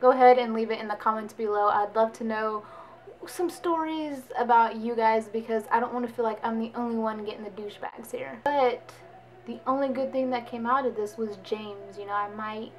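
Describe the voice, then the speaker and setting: A woman's voice: fairly high pitch, fairly even intonation, moderate pace, slight background noise, poor audio. A young woman vlogger telling a story in a casual, chatty way, laughing often. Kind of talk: storytime vlog.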